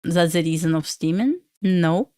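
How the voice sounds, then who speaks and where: A woman's voice: on the low side, expressive, unhurried, mellow, dry recording, clean studio sound. A young woman from Belarus with a Russian accent, hosting a casual trading livestream and answering questions from chat with lots of fillers.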